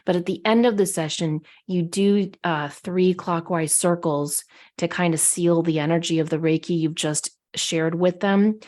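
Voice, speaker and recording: A woman's voice: on the low side, a little mellow. A woman co-hosting a podcast, telling stories in an indignant, opinionated way during casual chat. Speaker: podcast co-host.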